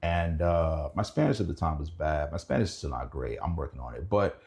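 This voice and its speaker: A young man telling stories in a casual chat, animated and laughing, his voice jumping up when excited. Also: fairly quick, gravelly. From Indianapolis. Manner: animated, laughing storyteller who rises high in pitch when excited. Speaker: guest. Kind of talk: casual storytelling.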